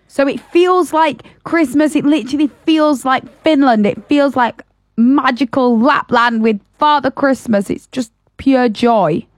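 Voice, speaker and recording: A woman with a northern English accent co-hosts a radio show in a high, bright-toned voice. She chats eagerly and draws out words when she savors a point. Her voice is recorded close and dry in the studio. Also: unhurried, no room sound. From Yorkshire, North of England. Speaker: radio co-host. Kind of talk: casual radio chat.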